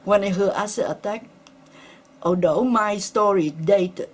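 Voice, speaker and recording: A middle-aged woman gives emotional personal testimony in an interview. Her English is halting and non-native, and her voice is husky and a little breathy. She sounds earnest and shaken. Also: medium pitch. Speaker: interviewee, attack survivor.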